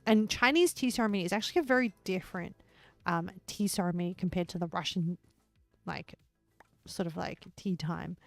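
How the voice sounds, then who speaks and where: Chatty, excitable woman streamer. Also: on the low side, fairly quick, gravelly, no echo, soft background music. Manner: rambling and excitable, laughs often. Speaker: livestreamer. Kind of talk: casual livestream chat while building in a game.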